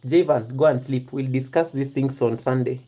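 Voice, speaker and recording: A YouTuber chatting casually to a live-stream chat in a hushed half-whisper, giggling often and addressing viewers by name. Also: medium pitch, moderate pace. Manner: talks straight to viewers in the chat.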